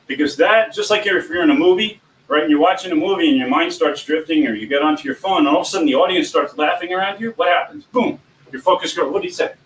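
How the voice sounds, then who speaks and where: A man coaching people on giving presentations in an informal teaching talk, animated and often swinging his voice up and down. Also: on the high side, fast talker. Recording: echoey room, distant mic, faint background hum.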